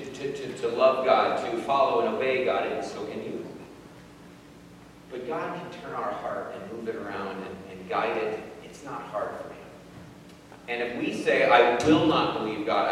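Preacher, male, informal reflective sermon, voice distant in a very reverberant hall, faint background hiss. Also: medium pitch. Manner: thinking aloud, repeats words, rhetorical questions. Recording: very echoey hall, voice from afar, faint noise.

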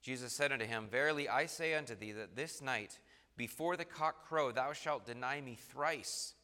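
A male preacher with a bright, forceful voice, reading verses in old-fashioned wording and hammering home each point. His words ring out with a long reverb, as if he stands in a large hall. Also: mid-range voice, normal speed. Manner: emphatic, rising and falling for stress. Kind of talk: sermon reading scripture aloud.

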